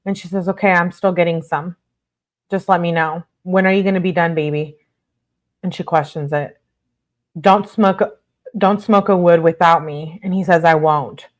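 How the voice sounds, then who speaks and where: A woman hosting a true-crime video, reading text messages aloud in a brisk way and breaking off for blunt asides of her own. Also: on the low side, fairly even intonation.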